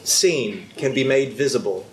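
A male pastor delivering a sermon at an unhurried, measured pace, pitched in an ordinary middle range. He circles back on words as he works toward a point. A faint hiss of noise sits under the recording. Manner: slow and deliberate, repeating words as he builds a point.

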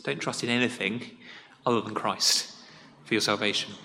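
A pastor preaches in a relaxed, conversational way, pressing some phrases loudly and letting others fall soft and earnest. His voice is bright and forward, and it rings with the long reverb of a church hall. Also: lowish voice, moderate pace, vocal fry, slight background noise. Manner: conversational, plain-spoken, swings between loud emphasis and quiet earnest drops. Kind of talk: sermon. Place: church sanctuary.

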